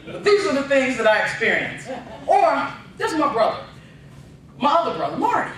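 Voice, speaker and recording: A man giving a humorous contest speech, telling family stories with punchlines in an animated storytelling manner, heard from afar in a large hall. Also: very high voice, normal speed, a little hiss or hum. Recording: echoey hall, from far off.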